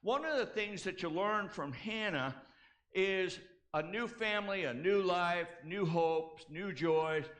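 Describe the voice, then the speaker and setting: Guy preaching, kinda high voice, slow deliberate pace, gets folks to repeat lines back. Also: fairly bright tone. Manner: emphatic call-and-response, repeating key phrases; casual asides and self-corrections. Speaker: pastor. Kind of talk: sermon.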